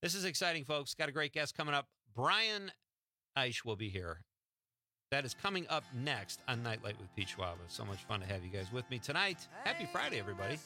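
A man's voice: mid-range voice, sing-song, a little fast, music in the background. A man hosting a radio show from the studio, chatting casually and teasing his co-host. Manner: joking, teasing.

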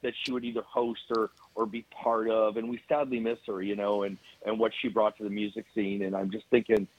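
A man with a Canadian accent, a guest radio host talking earnestly in casual chat, with halting restarts. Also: on the low side, flat delivery, muffled recording.

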